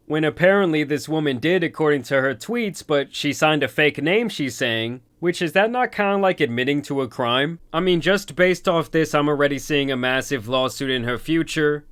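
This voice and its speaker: A man's voice: a little high, normal speed, few pauses, fairly bright tone, clean tone. A young man hosting a casual commentary video, talking in a mocking, gossipy way. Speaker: commentary YouTuber.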